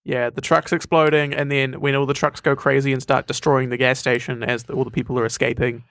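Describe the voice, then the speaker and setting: A man's voice: mid-range voice, level tone, fairly quick, fairly bright tone, no room sound, clean studio sound. A man co-hosting a podcast, chatting casually about a film and swearing freely. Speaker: podcast co-host.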